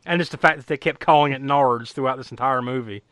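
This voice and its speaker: A man's voice: mid-range voice, fast talker, a bit bright, no room sound. A man casually recapping a movie plot, rambling with lots of fillers and frequent laughter. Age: adult who was eight or nine when the film was new.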